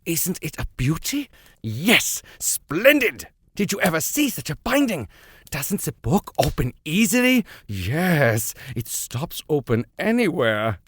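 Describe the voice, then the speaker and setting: A man voicing an excitable old professor who gushes over a book, asking and answering his own questions. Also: mid-range voice, takes it slowly, no room sound, pitched above the performer's own voice. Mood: gushing. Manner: gushing, asks and answers himself.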